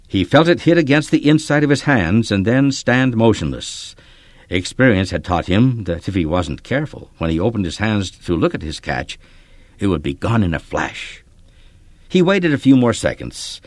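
A man reading a children's story aloud, in expressive, measured scripted narration. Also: lowish voice, no room sound.

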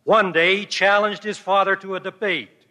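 A man giving a formal church conference address, telling a story in a measured way. The audio is an archival recording. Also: high-pitched, steady tone, sharp tone. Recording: reverberant archival hall recording.

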